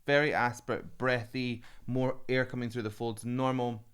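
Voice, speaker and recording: A man's voice: mid-range voice, flat delivery, moderate pace, a bit bright, clear, resonant tone. A man, a vocal coach giving analytical, enthusiastic reaction commentary on singers. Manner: analytical and enthusiastic, prone to laughing. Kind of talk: reaction commentary on a singing video.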